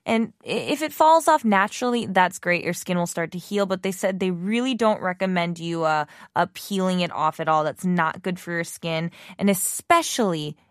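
A woman's voice: lowish voice, moderate pace, hardly any pauses, no echo, studio quality. A woman hosting a casual language lesson, chatty and upbeat, explaining with plenty of fillers. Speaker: Korean language teacher and show host.

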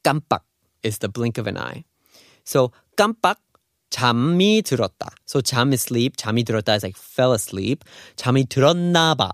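A man's voice: medium pitch, very animated, rapid-fire, dry recording, studio quality. A man hosting a radio language lesson in an upbeat, casual, chatty way. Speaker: radio host and Korean teacher. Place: radio studio.

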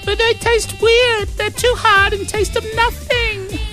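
A woman's voice: extremely high pitch, flat delivery, unhurried, music in the background. A woman voicing a young child who refuses carrots, in a scripted textbook dialogue. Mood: fussy.

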